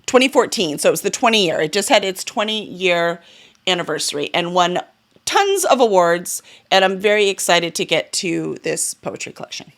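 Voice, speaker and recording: Her lowish, expressive voice has a slight brightness and moves at a moderate pace. She's a book vlogger and publisher running through her upcoming reads in a casual vlog, eager and talkative, sprinkling in fillers and correcting herself now and then.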